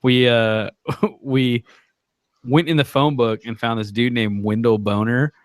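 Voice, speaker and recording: A man on a casual podcast, telling prank-call stories with lots of laughter and quick impressions. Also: medium pitch, dry recording. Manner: laughing storyteller, animated impressions. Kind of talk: casual chat, storytelling.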